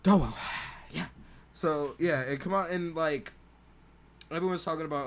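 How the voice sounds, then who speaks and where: A man's voice: a little high, unhurried, pauses often, slight background noise. Rambling man riffing solo. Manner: loose rambling riffing with laughs. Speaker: podcast host. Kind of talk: casual comedic monologue.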